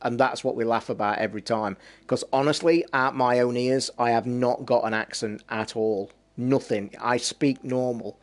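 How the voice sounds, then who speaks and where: A middle-aged man with an East Midlands accent talks live to his viewers in a blunt, sweary way. His voice sits at an ordinary pitch for a man, and he flares up quickly when pushed. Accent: East Midlands English. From England. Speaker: live streamer. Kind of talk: casual live-stream chat.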